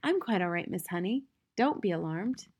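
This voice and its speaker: A woman reading the part of a calm, clever little girl in a plain, quietly sure and polite way, as an audiobook character. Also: medium pitch, normal speed, a little hiss or hum, close to an everyday voice.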